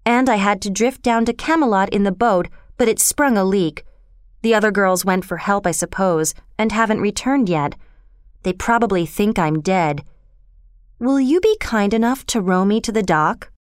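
A woman's voice: medium pitch, moderate pace, clean tone, no room sound, studio quality, lightly acted. A woman voicing a proud, stubborn young girl who speaks coldly and firmly. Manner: cold, firm and formal.

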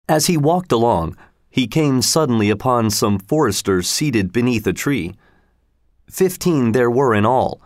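A man reading a storybook aloud in a measured, even way. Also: medium pitch, no echo, clean studio sound. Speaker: narrator. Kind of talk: scripted storybook narration.

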